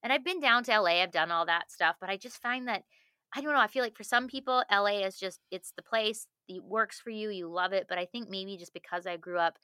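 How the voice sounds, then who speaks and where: A woman's voice: medium pitch, a little fast, pushed and bright, clear, resonant tone, no room sound, clean studio sound. A woman from Canada, talking casually as a guest, chatty and laughing, with frequent restarts. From Manitoba, Canada. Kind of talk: casual conversation.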